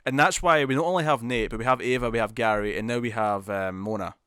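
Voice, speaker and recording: Man, podcast co-host, lively, laughing, average pitch, dry room. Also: clear, resonant tone, no echo. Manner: animated, laughing, quick retelling with acted quotes. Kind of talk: casual chat about TV episodes.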